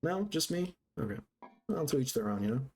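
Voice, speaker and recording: Joking, animated male streamer. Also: a little high, brisk, breathy edge, soft background music. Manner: joking, sarcastic, rambling. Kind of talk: casual live-stream chat while gaming.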